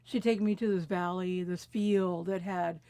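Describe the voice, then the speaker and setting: Mellow-voiced woman in her fifties reminiscing. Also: on the low side, fairly even intonation, no room sound. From California. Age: 50s. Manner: reflective, unhurried, laughs softly between memories. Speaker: interviewee. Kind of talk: personal storytelling conversation. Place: quiet recording booth.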